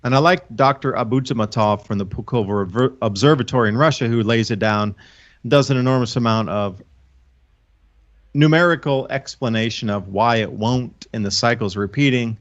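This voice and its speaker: A man's voice: medium pitch, normal speed. Earnest rambling man, lo-fi sound. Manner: rambling, earnest explanations with restarts. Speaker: guest, online channel host. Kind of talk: casual monologue on a show. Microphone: own microphone.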